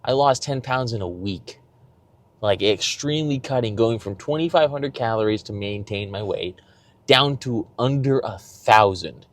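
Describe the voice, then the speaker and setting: A man's voice: fairly low pitch, a little slow. A young man talking casually in a diary-style fitness vlog, rambling and swearing freely as he restarts his sentences. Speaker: fitness vlogger.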